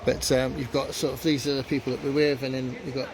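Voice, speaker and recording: A man's voice: mid-range voice, level tone, quick pace. Chatty man vlogging outdoors, noisy. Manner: chatty and rambling, many fillers. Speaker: travel vlogger. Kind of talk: casual vlog narration to camera. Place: outdoors, sightseeing on foot and by water. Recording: outdoor noise behind voice.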